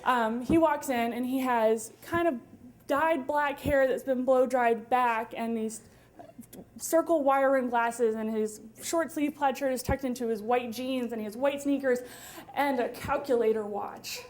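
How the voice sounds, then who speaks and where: A woman in her twenties telling a wry, funny story live on stage at a story slam, with quick asides and laughter. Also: high voice, a little mellow. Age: 20s.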